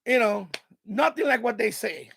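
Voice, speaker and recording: A man's voice: high-pitched, animated, moderate pace, gravelly, a bit bright, breathy edge. A man with a New York accent, hosting a live stream and rambling casually with lots of laughter and restarts.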